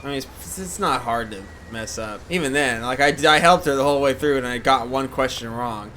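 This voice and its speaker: A man's voice: mid-range voice, a little fast, bright, forceful tone, slight background noise. A man doing casual let's-play commentary, laughing often and retelling scenes. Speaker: game streamer.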